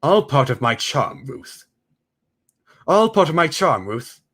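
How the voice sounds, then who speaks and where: A man's voice: a little high, very animated, slow pace, fairly bright tone, pitched above the performer's own voice, heavily acted. A man voicing an arrogant wealthy young man who speaks in a smug, condescending way.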